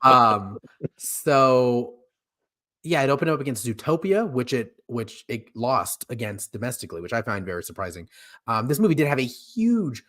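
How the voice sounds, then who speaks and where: A man's voice: medium pitch, very animated, moderate pace, sharp tone. A man co-hosting a casual movie ranking podcast, laughing often and hesitating with ums. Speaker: podcast co-host.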